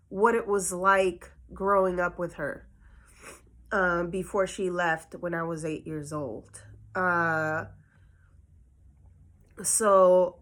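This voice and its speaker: A woman's voice: medium pitch, fairly bright tone. A woman telling a personal story on her vlog in a casual, chatty way full of fillers, slightly short of breath. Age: adult. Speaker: vlogger.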